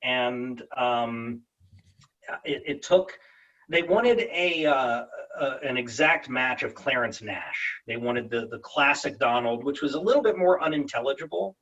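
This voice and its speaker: A man's voice: medium pitch, measured pace, fairly bright tone, recorded from a distance, highs cut off. A man, a voice actor guest, telling stories animatedly in a casual interview over a video call and slipping into character voices.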